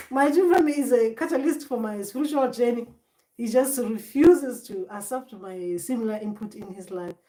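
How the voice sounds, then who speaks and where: A woman's voice: a little high, mellow, recorded from a distance. Woman giving a rambling spiritual talk. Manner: rambling, repeats and restarts words, acts out voices. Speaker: spiritual teacher. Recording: echoey room, voice away from mic.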